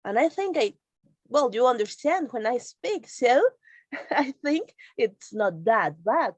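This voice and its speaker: Female host of an online teachers' meeting, higher pitch, dry close sound, explanatory. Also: very animated, slow, breathy edge, no room sound. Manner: explanatory, reassuring. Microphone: video call.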